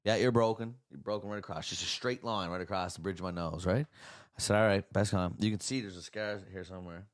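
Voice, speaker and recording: Low-voiced man in a dry room. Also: fast talker, no room sound. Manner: relaxed, tags sentences with "right?". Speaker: podcast host. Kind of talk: casual storytelling chat.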